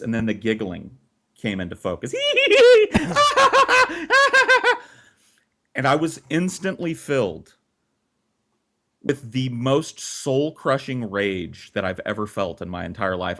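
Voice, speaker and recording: A man's voice: lowish voice, moderate pace. A man co-hosting a podcast, telling a long story in a casual, profane way with lots of swearing. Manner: profane, animated, swears often.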